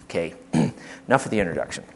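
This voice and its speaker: An older man from the Midwest, preaching a sermon in an impassioned, emphatic way, swinging from hushed asides to loud declarations. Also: sits low, animated, fast talker, a little hiss or hum. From American Midwest.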